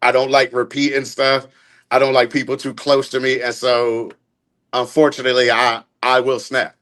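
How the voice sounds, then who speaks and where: A man's voice: mid-range voice, level tone, moderate pace, a bit bright. A man with a Philadelphia accent, talking openly and bluntly about his temper in a casual group podcast chat. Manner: blunt, open, reflective. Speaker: podcast guest.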